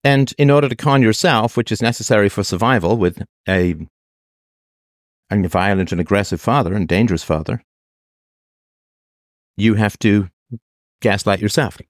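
A man's voice: on the low side, normal speed, long pauses, no echo, studio quality. Probing, argumentative man. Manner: probing, argumentative, acts out quoted voices. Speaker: host. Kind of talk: call-in advice conversation.

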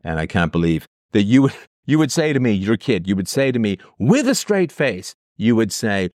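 A man's voice: fairly low pitch, big pitch swings, moderate pace, darkish tone, no room sound, clean studio sound. A man hosting an advice show, answering a listener's letter in a blunt, sarcastic, profane monologue.

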